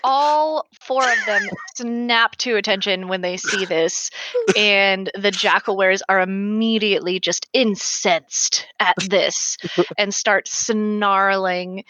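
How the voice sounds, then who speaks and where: A woman's voice: mid-range voice, fairly even intonation, takes it slowly, pushed and bright, poor audio. A woman narrating as game master for a tabletop game, who swears casually and laughs often.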